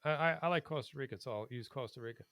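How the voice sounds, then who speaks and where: A man co-hosting a casual podcast, talking in an animated, indignant way and laughing often. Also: mid-range voice, very fast, no echo. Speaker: podcast co-host. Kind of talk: casual political chat.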